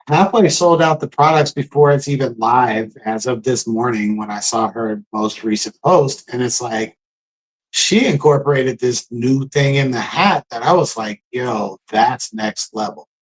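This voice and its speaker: A man's voice: mid-range voice, measured pace, low-quality recording. Laid-back middle-aged man co-hosting. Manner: relaxed, conversational, gives shout-outs. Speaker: live show co-host. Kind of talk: casual live-stream chat.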